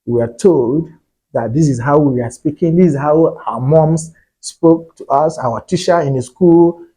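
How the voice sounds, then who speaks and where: A man's voice: on the high side, a little slow, dark tone, slightly rough, poor audio. A man from Nigeria, talking casually to his viewers as a vlogger and often repeating himself. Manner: chatty, repeats himself, drops in "you get". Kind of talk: casual talk to camera.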